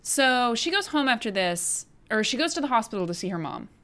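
A woman's voice: a little high, very animated, a little fast, a bit bright. A woman co-hosting a casual movie recap, critical and blunt, swearing casually. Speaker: podcast co-host.

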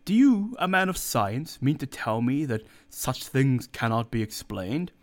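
A man's voice: mid-range voice, very animated, measured pace. A man voicing a shaken male ship passenger who speaks in a raised, urgent way.

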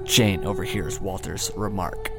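A man's voice: deep voice, unhurried, gravelly, music in the background. A man narrating as game master of a tabletop game, joking and swearing between his lines.

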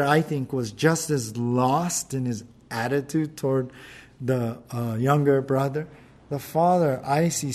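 A man preaching a sermon, reading scripture aloud and explaining it in a conversational, emphatic way. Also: darkish tone. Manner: emphatic, acts out quoted lines with rising pitch; conversational with filler words and restarts.

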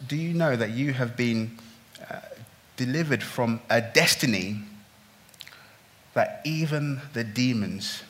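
A man preaching a sermon, swinging from hushed, slow lines to loud, pleading outbursts. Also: medium pitch. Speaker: pastor.

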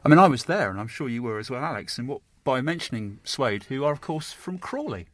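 A man's voice: mid-range voice, expressive, brisk, a bit bright, dry recording. A man hosting a casual discussion, talking in an enthusiastic, digressive way.

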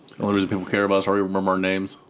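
Deadpan male co-host, lowish voice. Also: slight background noise. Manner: quick deadpan quips. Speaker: podcast co-host. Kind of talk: casual chat.

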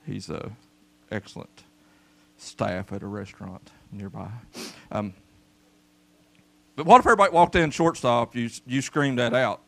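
In a creaky, mid-range voice, this male pastor preaches at a measured pace and pauses often. His sermon is folksy and full of stories, delivered with animation as he calls out to the church congregation during the service.

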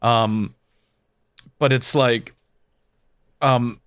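A man's voice: fairly low pitch, normal speed, fairly bright tone, dry recording. A man with an Essex English accent in casual podcast chat, talking in a sardonic, sweary way. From Essex, England.

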